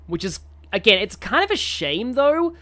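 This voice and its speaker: A woman's voice: on the high side, big pitch swings, normal speed, fairly bright tone. A woman with an Australian accent chatting casually while streaming a game, rambling with lots of fillers. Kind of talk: casual live-stream commentary.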